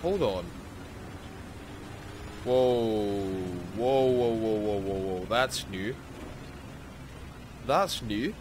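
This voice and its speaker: A man with a Scottish accent giving casual, excitable commentary over gameplay as a gaming YouTuber. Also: fairly low pitch, extremely slow, pauses often, background noise. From Scotland. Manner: excitable, exclaims often.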